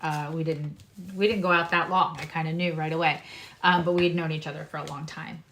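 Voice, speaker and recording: A woman's voice: low-pitched, fairly even intonation, a little fast, fairly bright tone, a little hiss or hum. A woman astrologer giving a casual, earnest tarot reading, speaking straight to her viewers in a reassuring way.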